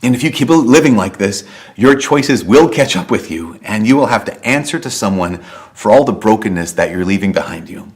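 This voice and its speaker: Low-voiced priest preaching conversationally. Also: male voice, animated, moderate pace. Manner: conversational storytelling with repeated rhetorical questions. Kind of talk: sermon.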